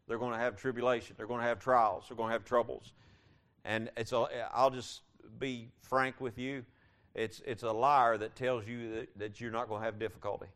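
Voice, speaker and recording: A man preaching a sermon, repeating key phrases and building from quiet passages to loud, emphatic ones. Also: medium pitch.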